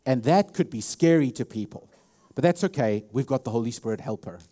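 A man's voice: medium pitch, lively intonation, a little fast, warm tone. South African man preaching a sermon. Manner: repetitive, emphatic, with many restarts. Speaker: pastor.

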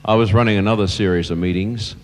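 Deep-voiced older pastor in a reverberant hall. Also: male voice, fairly even intonation. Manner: earnest, slows and softens at emotional moments. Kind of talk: sermon storytelling. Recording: long church reverb.

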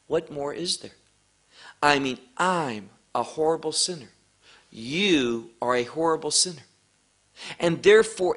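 Man teaching a sermon, slightly high voice, slow deliberate delivery, rhetorical questions. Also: fairly bright tone. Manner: mixes in Hebrew terms. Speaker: Bible teacher. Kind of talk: verse-by-verse sermon.

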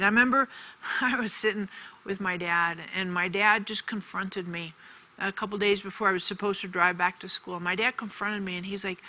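A woman's voice: mid-range voice, fairly even intonation, normal speed, bright, forceful tone, low-quality recording. A woman giving an earnest televised faith teaching, telling a personal story and repeating phrases for emphasis. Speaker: TV ministry teacher.

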